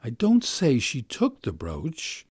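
A man plays a wealthy middle-aged lady of the house, weary and self-pitying yet imperious. Her indignation comes out slow and wounded in a storybook reading, recorded close and dry. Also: medium pitch, huge pitch swings, a little mellow, slightly rough, no echo, pitched above the performer's own voice, exaggerated voice. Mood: indignant.

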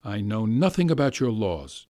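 A man's voice: fairly low pitch, big pitch swings, moderate pace, mellow, no echo, studio quality. A man reading a story aloud, voicing a weary, indignant wealthy middle-aged lady. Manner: weary, self-pitying, indignant.

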